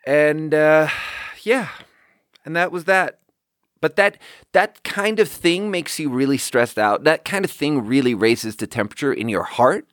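A man's voice: fairly high pitch, unhurried, no room sound, clean studio sound. A man casually telling a story as a podcast host, acting out the dialogue and rambling with lots of fillers. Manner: animated, acts out quoted dialogue. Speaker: podcast host and bar manager.

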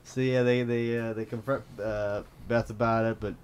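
A man's voice: medium pitch, little pitch movement, normal speed, darkish tone, smooth. A man co-hosting a podcast in casual chat, recapping episodes in an easygoing way that often trails off mid-sentence. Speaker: podcast co-host.

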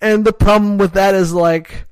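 A man's voice: high voice, steady tone, normal speed, clean tone, dry recording. A Canadian man co-hosting a podcast in casual, rambling chat, full of "like" and restarts. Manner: rambling, self-interrupting, frequent "like". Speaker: podcast co-host.

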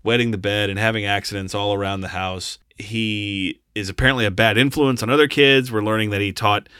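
A man's voice: on the low side, steady tone, a little fast, bright, forceful tone, clear, resonant tone, no room sound, studio quality. A man co-hosting a podcast, reviewing a film in blunt, exasperated casual chat with some swearing. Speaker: podcast co-host.

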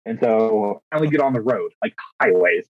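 A young man with a husky, mid-pitched voice tells a story on a podcast in a casual, animated way, acting out quotes and stumbling into restarts. He is recorded dry and close, with a slightly dull, lo-fi tone. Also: a little fast, no echo. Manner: animated, acts out quotes, frequent restarts and fillers. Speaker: podcast co-host, teacher.

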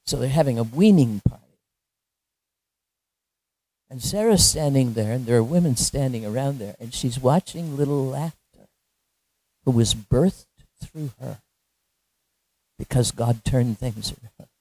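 A woman preaching a sermon, telling a story with lively, animated delivery and frequent laughter. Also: very deep voice, measured pace, pauses often, breathy edge, dry recording.

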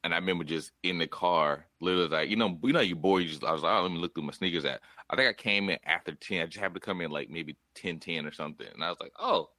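Lower-voiced man rambling casually. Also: racing, few pauses, sharp tone, dry recording, clean studio sound. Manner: loose, rambling storytelling with fillers. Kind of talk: casual chat.

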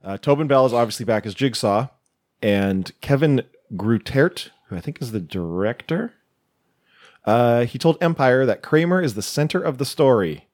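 A man trades jokes in a casual podcast chat and relays horror news with frequent fillers. His voice rises and falls with lively animation. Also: mid-range voice, moderate pace. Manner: joking banter, reads news items with fillers. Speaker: podcast co-host.

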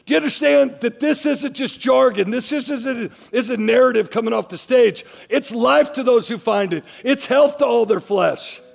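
A man's voice: extremely high pitch, normal speed, gravelly, few pauses, big-room sound. A man preaching a sermon as a pastor, emphatic, repeating his phrases as he drives each point home.

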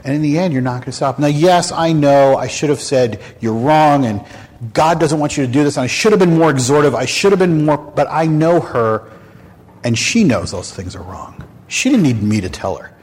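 A man with a slightly husky voice hosts a candid faith talk and tells stories frankly, with lively punch. His voice rings with a long hall reverb. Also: a little high, moderate pace. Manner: frank, animated storyteller. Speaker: host.

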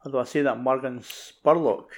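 A man's voice: medium pitch, moderate pace. Laid-back Scottish man co-hosting. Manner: sweary, laid-back banter. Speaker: podcast co-host. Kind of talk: casual chat.

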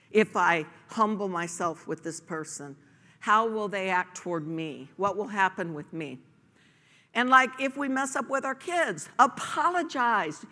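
Woman pastor, bright, forceful sermon delivery in a reverberant church hall; emphatic rhetorical questions. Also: mid-range voice.

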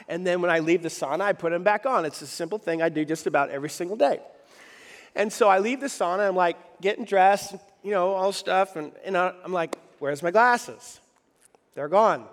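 In a reverberant hall, a high-pitched middle-aged pastor shares a humorous story from his own life as part of his sermon. His delivery is lively and chatty, and he frequently asks the congregation questions.

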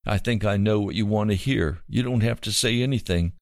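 A man voicing a calm country pastor who speaks gently and reassuringly. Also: on the low side, fairly quick, no echo, clean studio sound, close to an everyday voice. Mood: gentle.

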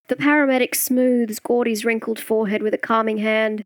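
A woman reading a short story aloud in a measured, dramatic way. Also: fairly high pitch, fairly even intonation, no echo, clean studio sound. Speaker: reader.

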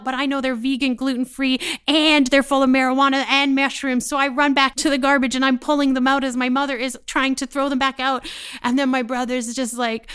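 A woman from Canada doing stand-up, telling a story in an animated, profane way and laughing as she goes. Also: high-pitched, clean tone. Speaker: stand-up comedian.

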